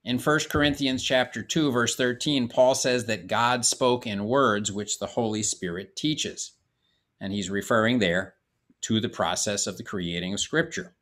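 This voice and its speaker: A man giving a measured, explanatory Bible course lecture, reading passages aloud and explaining them. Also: medium pitch, fairly bright tone. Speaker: Bible teacher. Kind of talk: classroom lecture on scripture.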